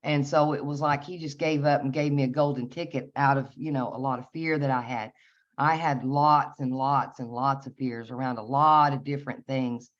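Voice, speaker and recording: A woman's voice: rumbling low, fairly even intonation, normal speed. A woman casually telling a personal story, laughing often and restarting her sentences. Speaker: guest sharing a personal story. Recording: dull lo-fi sound.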